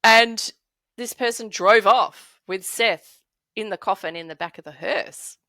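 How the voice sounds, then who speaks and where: A woman's voice: mid-range voice, measured pace, pushed and bright, no echo. A middle-aged woman from Australia telling a story as a podcast guest, laughing often and acting out the voices of the people in it. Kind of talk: animated storytelling.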